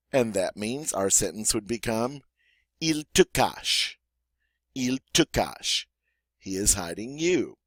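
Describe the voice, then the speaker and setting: A man with a Southern American accent teaching a grammar lesson in an encouraging way, stretching out the example words slowly. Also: mid-range voice, no room sound. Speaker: French teacher. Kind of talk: classroom-style grammar lesson.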